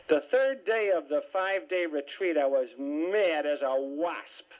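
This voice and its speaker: A man giving a humorous spiritual talk, telling stories lively with self-mocking asides. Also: fairly high pitch, measured pace. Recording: tinny phone-like radio sound.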